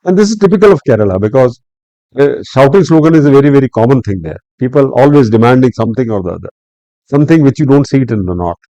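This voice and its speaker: A man's voice: mid-range voice, quick pace, no room sound, lo-fi sound. An older man with an Indian English accent, a retired civil servant telling stories in a podcast interview, acting out his own angry words and drawing lessons from them. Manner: animated, acts out angry quotes, lecturing.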